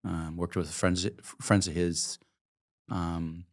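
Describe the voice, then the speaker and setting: A middle-aged coffee entrepreneur from Oregon, USA, appears as an interview guest, telling vivid anecdotes conversationally, acting out the dialogue and swearing casually. His voice is low-pitched with little pitch movement, and he takes it slowly.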